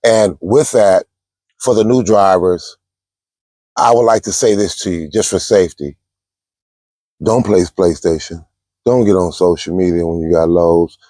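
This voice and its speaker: A low-pitched man talks casually into a close phone mic from a parked truck. He tells stories and gives trucking advice in a chatty way, calling his viewers y'all. The sound is dry, with no room echo. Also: measured pace, pauses often, dark tone. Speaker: truck driver.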